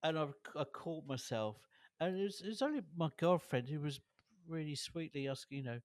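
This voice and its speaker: A man co-hosting a podcast in casual chat, playful, with quick supportive replies. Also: a little high, animated, dry recording. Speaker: podcast co-host.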